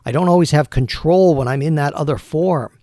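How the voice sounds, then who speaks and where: A man voicing an adult male cursed man who speaks in a halting, worried way. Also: a little high, mellow, no echo, clean studio sound, lightly acted.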